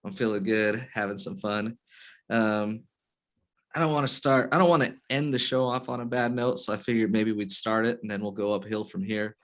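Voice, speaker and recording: Male podcast host, lowish voice, easygoing chat. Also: fairly even intonation, fairly quick.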